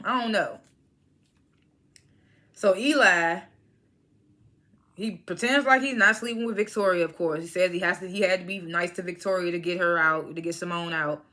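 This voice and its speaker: Woman, bright clear tone, lowish pitch, animated recap with acted-out lines. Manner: animated retelling, acts out characters' lines, frequent laughs. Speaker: TV episode reviewer. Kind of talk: casual recap vlog.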